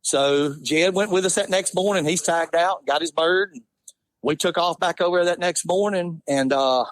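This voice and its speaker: A man's voice: high voice, normal speed, dry recording. Laughing man telling a hunting story. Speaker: podcast guest. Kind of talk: casual storytelling.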